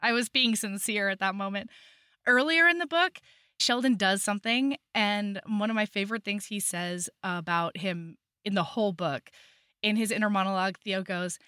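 A woman's voice: mid-range voice, moderate pace, bright, forceful tone, dry recording, clean studio sound. A woman co-hosting a casual book podcast, gushing enthusiastically as she recaps a romance novel. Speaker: podcast co-host.

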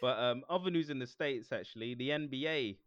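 A man's voice: mid-range voice, a little fast, fairly bright tone, dry recording, dull audio. A man co-hosting a casual podcast chat, joking around and laughing often. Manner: jokey, mimics people in silly voices, laughs often. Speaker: podcast co-host.

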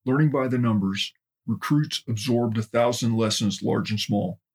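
A man narrating a documentary in a steady, measured way. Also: medium pitch, breathy edge. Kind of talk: documentary narration with book readings.

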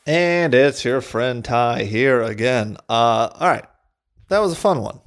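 Male podcast host, mid-pitched, casual and conversational. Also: a little slow. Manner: relaxed, chatty, reacts with laughter. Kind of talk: casual podcast chat and show links.

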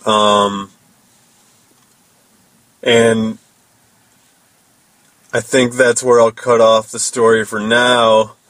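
A man's voice: mid-range voice, level tone, drawn-out words, pauses often, fairly bright tone, no echo, poor audio. A man hosting a podcast, telling a loose, rambling story about his band and swearing casually. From United States. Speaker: podcast host and metal musician.

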